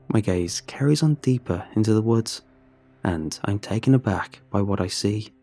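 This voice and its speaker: A man narrating a first-person horror story in a measured, tense, scripted way. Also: lowish voice, mellow, soft background music.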